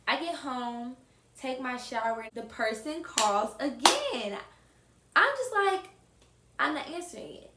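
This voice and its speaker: A young woman telling a casual storytime to her viewers, animated and often calling out to them. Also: high-pitched, slow pace, noisy background. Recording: roomy echo.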